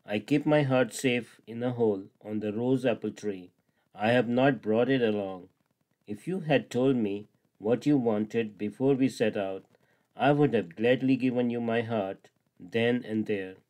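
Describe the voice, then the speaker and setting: A man voicing a friendly, quick-witted male monkey, in plain, earnest storybook dialogue. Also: medium pitch, darkish tone, lightly acted. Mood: cunning.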